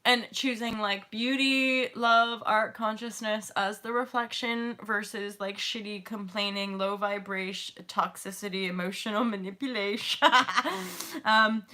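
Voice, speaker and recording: A woman in her thirties, a yoga and meditation teacher, talking casually to her viewers in an emotional, expressive way, laughing often and swearing freely. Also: medium pitch, unhurried. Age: 30s. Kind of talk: emotional casual talk to camera.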